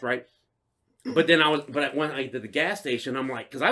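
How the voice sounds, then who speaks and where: A young man casually telling a story on a podcast, swearing constantly and bursting into shouted insults as he acts out the other driver. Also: medium pitch, quick pace. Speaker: podcast co-host.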